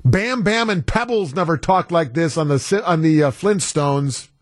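A man's voice: a little high, animated, normal speed, hardly any pauses, dry recording. A male radio talk show host chatting casually into a studio microphone, rambling off on tangents and reading listener texts.

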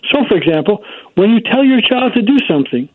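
A man interviewed as a child psychology expert explains his points emphatically over a phone, the line sounding dry and tinny with no room sound. His voice is high, very animated and a bit breathy, and he speaks at a quick pace.

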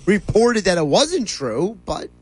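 A man's voice: high-pitched, very animated, a little slow, a little mellow, husky, soft background music, rough recording. A man co-hosting a sports radio show, chatting casually and enjoying a funny clip. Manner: amused, eager to share clips.

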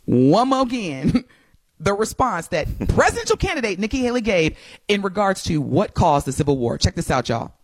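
A woman's voice: medium pitch, sing-song, moderate pace, no echo, studio quality. A woman co-hosting a talk show, chatting animatedly with exclamations and laughter. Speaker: co-host. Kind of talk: casual commentary chat.

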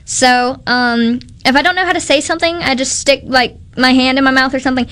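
A woman's voice: high voice, fairly even intonation, brisk, fairly bright tone. A young woman from Mississippi with a Southern accent, a guest actress chatting casually in an interview, giggly and bubbly.

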